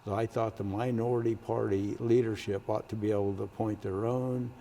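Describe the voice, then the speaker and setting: A man's voice: fairly low pitch, steady tone, fairly quick, gravelly, slight background noise. An older man, a former state senator, telling stories from his career in an oral history interview. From Kansas, United States. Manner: storytelling, acts out quoted voices loudly.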